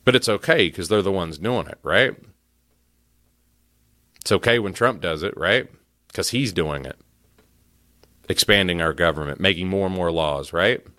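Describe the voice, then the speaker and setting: Male podcast host, lowish voice, angry rant, stammering repeats. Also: a bit bright. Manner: heated, repetitive, stammers when worked up. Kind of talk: opinion rant.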